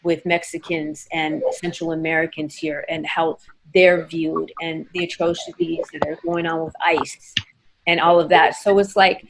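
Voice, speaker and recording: A woman's voice: deep voice, flat delivery, measured pace, a little hiss or hum, rough recording. A woman interviewing a guest, thinking aloud with frequent fillers and tag questions. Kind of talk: reflective interview conversation.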